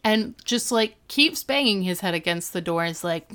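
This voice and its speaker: A woman co-hosting a podcast, recapping a TV episode in casual chat, telling it with animated storytelling and groans of disgust. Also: mid-range voice, normal speed, clean tone. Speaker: podcast co-host.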